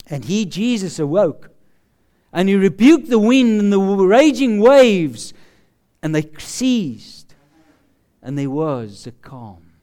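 A man preaching a sermon, slow and emphatic, often dropping to a hushed voice for effect. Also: high-pitched. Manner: slow, emphatic preaching with dramatic drops to a hush.

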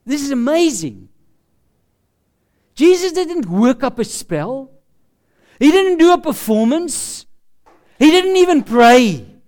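A man preaching a sermon, slow and emphatic, often dropping to a hushed voice for effect. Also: very high voice, very animated. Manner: slow, emphatic preaching with dramatic drops to a hush.

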